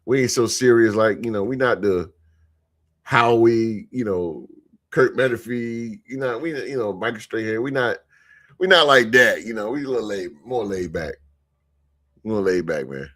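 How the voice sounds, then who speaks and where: A man hosting a sports podcast live, chatting casually with his live chat in a relaxed, repetitive way, speaking. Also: fairly low pitch, moderate pace. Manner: laid-back, repeats phrases, shouts out chat members.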